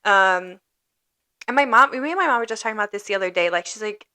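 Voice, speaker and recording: A young woman co-hosting a podcast, telling stories in a chatty, animated way with lots of "like". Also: medium pitch, fast. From Croatian and Italian family. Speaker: podcast co-host. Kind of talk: casual chat.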